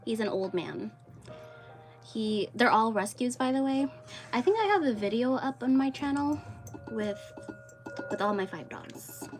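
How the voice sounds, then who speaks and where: A woman's voice: fairly high pitch, measured pace, pauses often, soft background music. A young woman chatting casually on a home livestream, rambling with lots of fillers. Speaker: streamer. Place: home room with dogs.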